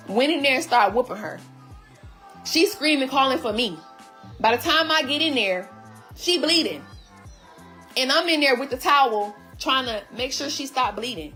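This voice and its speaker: A woman's voice: high-pitched, lively intonation, moderate pace, a bit bright, faint music behind. A woman telling her story to viewers in a heated, blunt and profane way, casually addressing them directly. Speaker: vlogger recapping her relationship.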